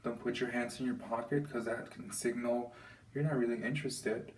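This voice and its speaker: A man's voice: medium pitch, steady tone, normal speed. Man giving a casual talk, off-mic. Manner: casual, conversational, demonstrates examples aloud. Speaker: presenter. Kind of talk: informal explanatory talk. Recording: distant mic with faint background noise.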